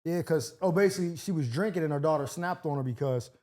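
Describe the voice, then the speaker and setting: Fast-talking high-voiced male comedian. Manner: animated, acts out other people's lines. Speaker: comedian and show regular. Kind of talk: casual podcast storytelling.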